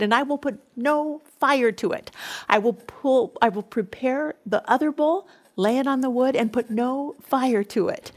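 A woman voicing the prophet Elijah, a bold and defiant man, declaiming loudly in a sermon reading. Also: on the high side, lightly acted.

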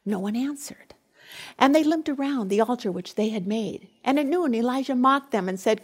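A woman preaching a sermon, telling a scripture story with dramatic flair. She drops to a hush in one passage and rises to an emphatic, loud voice in the next. Her voice sits a little high. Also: lively intonation, moderate pace, slightly rough.

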